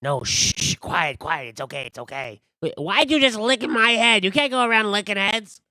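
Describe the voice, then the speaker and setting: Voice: mid-range voice, lively intonation, moderate pace, sharp tone, no room sound, pitched above the performer's own voice. A game master voicing a cheeky, pushy male candy vendor with a pumpkin for a head, talking in a brash, streetwise way. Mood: flustered.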